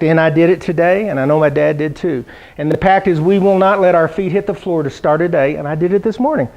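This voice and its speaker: A middle-aged man gives a funny keynote address to a conference audience. He tells his stories with lively energy and slips into the voices of the people he quotes. His voice sits a little on the high side. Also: dull audio. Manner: animated storytelling, acts out quoted voices. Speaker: keynote speaker. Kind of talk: humorous keynote speech. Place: conference hall.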